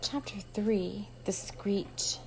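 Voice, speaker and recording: Woman reading her own book out loud, steady, easy pace, mid pitch. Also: takes it slowly, gravelly, a little hiss or hum, poor audio. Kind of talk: storybook narration.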